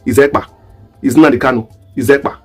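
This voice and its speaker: An online commentator from southeast Nigeria, with a Nigerian accent, addresses his viewers in a commentary video, speaking emphatically and rhetorically while firing off repeated questions. His mid-range voice is fairly quick, fairly even in intonation, a little mellow with a breathy edge, over soft background music.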